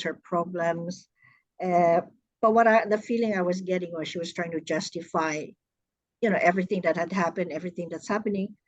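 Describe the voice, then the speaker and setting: A woman's voice: fairly low pitch, dry recording, lo-fi sound. Earnest woman telling a personal story. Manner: earnest, hesitant, with restarts. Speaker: workshop participant.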